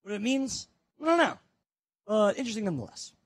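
Lively husky-voiced sports radio man. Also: fairly quick, no echo. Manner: animated, rising pitch in promo reads. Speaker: fantasy sports radio co-host. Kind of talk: casual sports radio chat.

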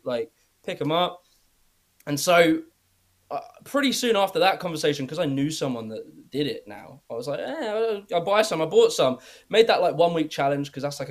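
Rambling British man, slightly high voice. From Britain. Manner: loose and rambling, heavy on "like", casual swearing. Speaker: guest YouTuber. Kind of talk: casual podcast chat.

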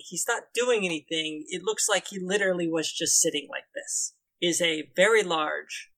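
A man narrating a tabletop role-playing game as game master, in a relaxed, descriptive way. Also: on the high side, creaky.

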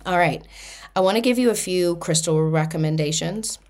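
A woman hosting a spiritual self-help podcast, talking earnestly in long lists and rising into bright excitement when she quotes herself. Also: on the low side, moderate pace. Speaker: podcast host.

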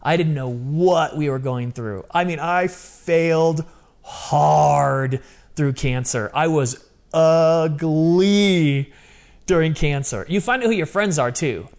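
A man's voice: on the high side, slow, darkish tone. A man talking as an interview guest, telling personal stories in an emphatic, casual, slang-heavy way. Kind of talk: candid personal storytelling.

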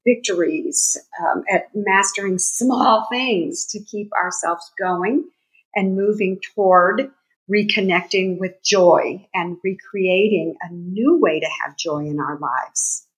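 Calm woman co-author in conversation. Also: medium pitch, takes it slowly, low-quality recording. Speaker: co-author guest. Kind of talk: casual conversation.

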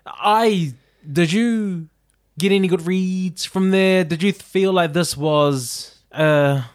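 A man with a somewhat high speaking voice co-hosts a relaxed chat. He is animated and laughs often. He breaks into playful mimicry between his points. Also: slow. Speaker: podcast co-host. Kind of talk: casual chat.

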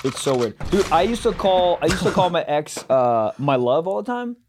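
A man's voice: fairly high pitch, big pitch swings, moderate pace, noisy background. A man co-hosting a comedy podcast, laid-back and laughing, trailing into mumbles as he tells stories. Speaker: podcast co-host. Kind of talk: casual comedic chat.

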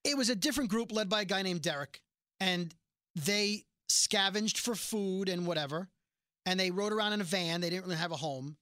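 Podcast co-host, male, high bright voice, animated, dry close sound. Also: a little fast, no room sound. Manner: animated storyteller, acts out quotes. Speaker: podcast co-host recapping a TV show. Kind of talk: casual chat.

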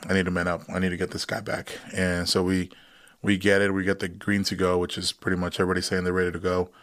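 A man in his thirties, a veteran guest on a podcast, telling a long story in a casual, animated way and acting out what others said. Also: sits low. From United States. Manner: animated retelling, acts out quoted voices.

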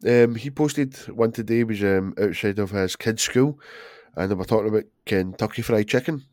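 A man's voice: lowish voice, moderate pace, a little mellow, no room sound, studio quality. A man in his thirties co-hosting a podcast, with sweary, laughing, loosely phrased banter. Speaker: podcast co-host. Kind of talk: casual chat.

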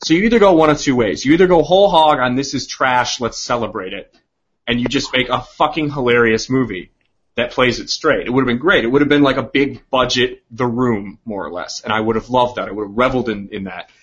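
A man's voice: medium pitch, fast, husky, dull audio. A man co-hosting a casual comedic podcast, animatedly retelling and acting out movie scenes. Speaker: podcast co-host.

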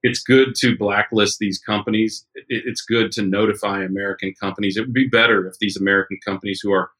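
A man's voice: lowish voice, fairly even intonation, fast, a bit bright, rough recording. A man co-hosting a talk show, giving blunt, emphatic opinions in casual commentary. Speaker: podcast co-host.

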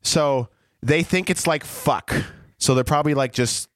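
A man's voice: fairly high pitch, measured pace, a bit bright, no room sound, clean studio sound. A man co-hosting a podcast, giggly and rambling in casual banter. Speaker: podcast co-host.

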